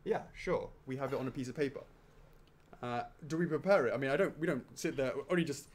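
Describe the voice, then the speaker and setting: A man's voice: mid-range voice, fast, a little hiss or hum. A man hosting a casual question and answer chat, rambling and joking as he reads out questions. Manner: rambling, jokey, laughs often. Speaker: host.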